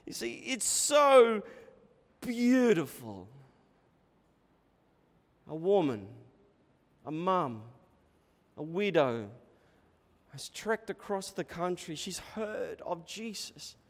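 A man preaching a sermon in a church hall, telling the story with animated, dramatic delivery. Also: high-pitched, drawn-out words, pauses often. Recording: echoey hall reverb.

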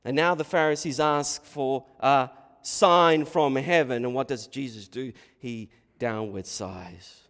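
A man's voice: medium pitch, slow, fairly bright tone, in a large hall. A male pastor preaching a sermon in an emphatic way, asking rhetorical questions and repeating his words for stress.

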